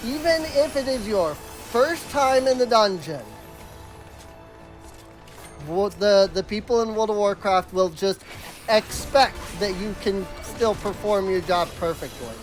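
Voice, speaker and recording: Chatting casually on a live stream, a game streamer tells exasperated stories packed with "like" and restarts. Her voice sits at medium pitch and moves at a measured pace, with soft music playing in the background.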